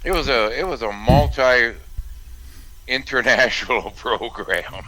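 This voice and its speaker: A man's voice: mid-range voice, measured pace, pushed and bright, poor audio. A man co-hosting a casual chat, giving short, hesitant replies. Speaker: podcast co-host.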